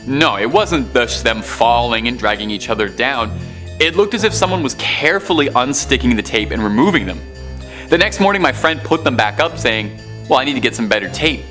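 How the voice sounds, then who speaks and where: A man's voice: medium pitch, lively intonation, moderate pace, bright, forceful tone, soft background music. A man narrating scary stories in a scripted way, with casual asides.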